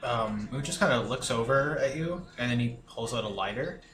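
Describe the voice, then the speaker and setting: Man, tabletop player, casual chat, bright forceful voice, echoey room. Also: medium pitch, expressive, moderate pace. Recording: echoey room with faint music.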